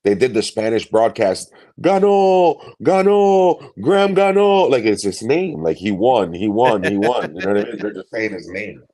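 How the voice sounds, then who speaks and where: A man co-hosting a fantasy football show in easy, agreeable banter. His voice is very deep and mellow, low and warm in tone. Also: normal speed, hardly any pauses. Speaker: podcast co-host.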